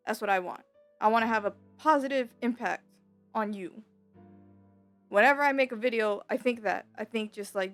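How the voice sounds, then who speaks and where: A woman's voice: a little high, moderate pace, pauses often, soft background music. A young woman gaming YouTuber talking candidly at home in a rambling, confiding way, full of fillers and restarts. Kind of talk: candid personal vlog talk.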